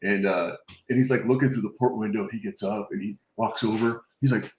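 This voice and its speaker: A man with a low voice tells his stories with gusto. He swears freely and slips into the voices of the people he quotes. He is on a video call, and the audio sounds dull and echoey. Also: fairly even intonation, brisk, a little mellow. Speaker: guest telling war stories. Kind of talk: casual storytelling chat.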